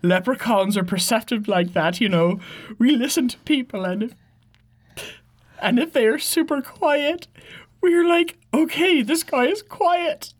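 A woman's voice: sits high, measured pace, voice pushed up. A woman voicing a chatty, rambling male leprechaun hitchhiker with a Southern Irish accent, reading a comic monologue. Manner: rambling, laid-back, stumbling over words.

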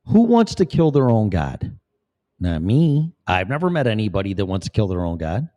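A man's voice: lowish voice, very animated, normal speed, warm tone. A man talking in a rambling, profane, preachy monologue as a vlogger. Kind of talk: casual monologue.

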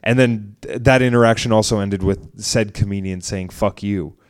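A man's voice: fairly low pitch, moderate pace, clean tone. Young man telling a rambling story. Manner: rambling, animated retelling with quoted voices. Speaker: podcast co-host. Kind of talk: casual storytelling chat.

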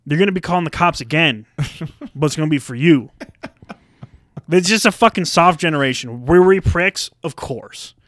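A young man co-hosting a podcast, telling stories in a profane, animated ranting style. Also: on the high side, moderate pace, no echo, studio quality. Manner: profane, animated storytelling with acted-out quotes. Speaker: podcast co-host. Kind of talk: casual ranting chat.

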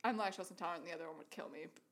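A woman co-hosting a casual podcast, sarcastic and quick to swear, with lots of filler words. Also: fairly low pitch, a bit bright. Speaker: podcast co-host.

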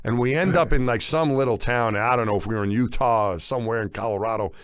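A man's voice: medium pitch, fast, clear, resonant tone, dry recording. Man from the United States, casual co-host, rambling with restarts, dry close recording. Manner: rambling, many restarts and fillers. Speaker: podcast co-host. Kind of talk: casual chat.

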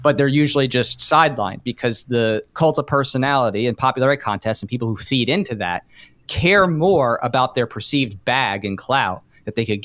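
A man's voice: mid-range voice, a bit bright, dry recording. A man guest on a podcast speaking emphatically and critically, with many fillers. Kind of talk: casual podcast debate.

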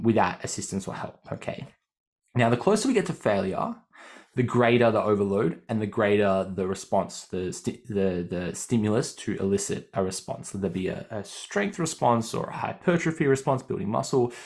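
A man with an Australian accent, a fitness coach explaining training ideas in a podcast, often checking in with "okay?". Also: fairly low pitch.

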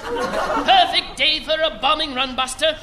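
A woman's voice: sits high, measured pace, bright, forceful tone, echoey room, some chatter behind, slight background noise. A woman voicing a pompous, cheery British male ace pilot in a radio serial spoof, all stiff-upper-lip bluster. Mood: bluff cheery. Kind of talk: 1940s radio serial acting.

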